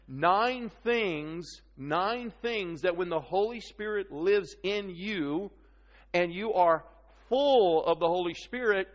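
A man preaching a sermon, conversational and animated, asking his listeners questions. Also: medium pitch, normal speed. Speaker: pastor. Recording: long hall reverb.

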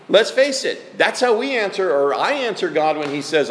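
A man preaching a sermon as pastor, conversational, animated and emphatic. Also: high-pitched, normal speed. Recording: echoey hall.

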